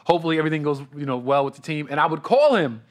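A male comedian telling a story in casual chat, acting out quotes with big jumps in his voice. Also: racing. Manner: animated, acts out quotes with big pitch jumps. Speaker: comedian guest.

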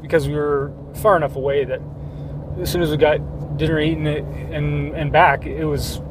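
A man in casual conversation, calm and low-key as he explains himself. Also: moderate pace, noisy background. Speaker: hunting partner. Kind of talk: casual chat.

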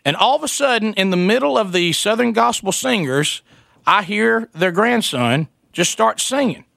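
This is a middle-aged man co-hosting a radio show, with a bright, fairly high voice. He tells his story in an animated way and keeps slipping into impressions of its characters. He is recorded dry in a studio. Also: moderate pace, creaky, dry recording. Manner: animated, breaks into impressions of the people in his stories. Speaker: radio co-host.

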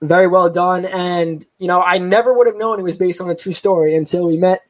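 High-voiced man co-hosting a podcast. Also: fairly even intonation, rough recording. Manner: joking, fast-talking. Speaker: podcast co-host. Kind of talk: casual chat.

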